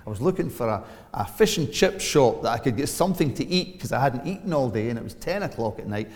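A Scottish man in his forties preaching a sermon, telling a story with big swings in pitch and loudness. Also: animated, fast talker, long reverb tail. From Scotland. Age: 40s. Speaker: pastor. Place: church.

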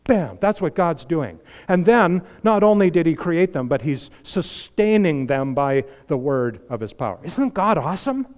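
A man preaching a sermon, fervent, swinging from hushed asides to emphatic exhortation. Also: fairly high pitch, very animated, moderate pace, hardly any pauses. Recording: long hall reverb.

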